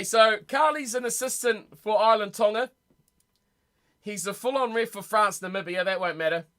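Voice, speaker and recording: A young man rambles and reacts aloud to his chat, excitable and chatty. His voice sits high and sounds bright and lively. He talks casually, like a live streamer at home. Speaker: streamer hosting a rugby watch party. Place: home room.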